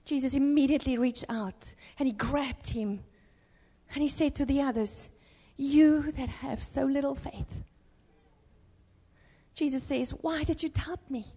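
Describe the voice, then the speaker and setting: A woman preacher giving an impassioned sermon in a church, swinging between urgent exhortation and hushed storytelling. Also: high-pitched, measured pace, in a large hall.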